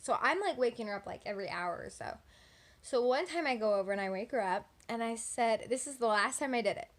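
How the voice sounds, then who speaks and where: A young woman of eighteen from Texas tells a story casually to her phone camera, rambling and filling gaps with "like" and "um". Her voice sits a little high, and she talks at night at home. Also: animated, brisk. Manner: chatty, rambling, frequent "like" and "um". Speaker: vlogger.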